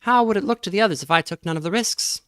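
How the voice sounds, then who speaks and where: A woman voicing a tall, slender nobleman who leads a night raid, speaking calmly and evenly. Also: medium pitch, quick pace, no room sound, studio quality, pitched above the performer's own voice, close to an everyday voice. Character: tall slender hatless nobleman leader, calm.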